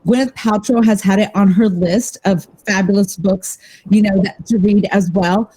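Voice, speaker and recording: A woman's voice: medium pitch, fairly even intonation, normal speed, mellow, slightly rough, low-quality recording. A woman hosting an interview, talking in an effusive, rambling and enthusiastic way. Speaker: podcast host. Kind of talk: casual interview chat.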